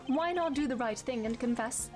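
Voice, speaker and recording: A woman reading the lines of a composed, formal male prosecutor in measured tones. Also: high voice, natural voice. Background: game music.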